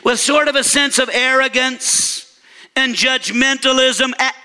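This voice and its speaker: A man preaching a sermon, speaking with emphasis and dropping low and slow when he quotes scripture. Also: steady tone, bright, forceful tone, clean tone, long reverb tail. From mid-Missouri. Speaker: pastor.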